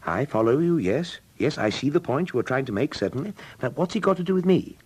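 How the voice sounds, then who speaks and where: An actor playing a cheerful, dim young gentleman in a radio comedy drama, with a bumbling, indignant way of protesting. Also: medium pitch, lively intonation, brisk, husky. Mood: flustered. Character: young male idle aristocrat, cheerful and dim.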